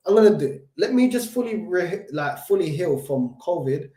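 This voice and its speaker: A London man hosting a football fan channel, chatting casually with his live chat, slangy and animated, still short of breath from covid. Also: high voice, moderate pace, reverberant.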